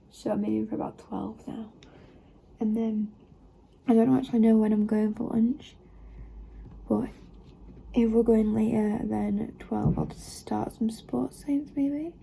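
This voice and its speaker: Here a teenage vlogger rambles with many fillers while chatting in a study-with-me video from her bedroom. Her slightly high voice is creaky with a dark tone, captured in a noisy home recording.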